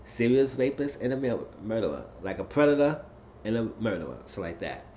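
A man giving a rambling, excitable casual recap of a TV episode. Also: medium pitch, a little fast. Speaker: TV episode reviewer. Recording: slightly dull lo-fi recording, faint noise.

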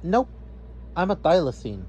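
A man's voice: on the high side, big pitch swings, unhurried, a little mellow, a little hiss or hum, voice pushed up. A man voicing a friendly female thylacine in a storybook reading. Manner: friendly, chuckling. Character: cheerful female thylacine creature.

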